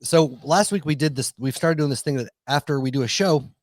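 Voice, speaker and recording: A man's voice: fairly high pitch, a little fast, no room sound. A man hosting a podcast in a laid-back, joking chat. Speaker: podcast host.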